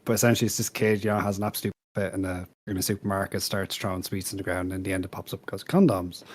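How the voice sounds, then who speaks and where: A man's voice: sits low, little pitch movement, rapid-fire. A man on a podcast panel chatting casually about parenting, dropping dry, wry asides. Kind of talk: casual chat.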